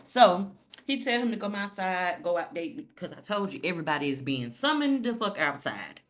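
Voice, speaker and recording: Low-voiced woman recapping a TV episode. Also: very animated, normal speed. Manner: profane, slangy, talks straight to viewers.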